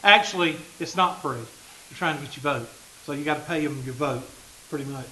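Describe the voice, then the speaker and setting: A man's voice: a little high, fairly quick, bright, forceful tone, slight background noise, poor audio. A man, a math teacher talking casually and joking with his class in a classroom. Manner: joking, folksy, talks straight to the class.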